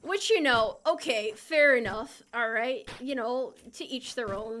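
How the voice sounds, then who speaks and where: This young VTuber streamer plays a game and banters playfully with her viewers, reading and answering chat. Her voice is a little high and fairly bright, a little slow yet with hardly any pauses, with slight background noise.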